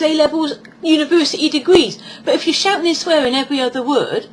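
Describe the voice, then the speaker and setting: British woman, forties, rambling casual vlogger, bit of a higher voice. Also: fast, slight background noise, poor audio. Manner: chatty and rambling, acts out quoted voices. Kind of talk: casual monologue vlog.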